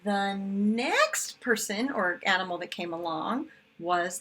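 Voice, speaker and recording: A woman's voice: mid-range voice, expressive, slow pace, hardly any pauses, fairly bright tone, faint music behind. A woman teaching kindergarten, chatting simply to small children as she retells a picture book with paper puppets. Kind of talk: storybook retelling lesson for young children.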